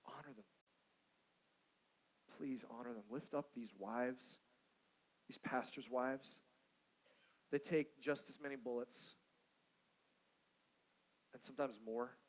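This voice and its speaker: A man's voice: mid-range voice, fairly even intonation, slow pace, pauses often, poor audio. A man in his thirties, a pastor preaching to church staff in a casual, storytelling way, often tossing in "like" and "okay?". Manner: conversational, storytelling, frequent "like" and "okay?".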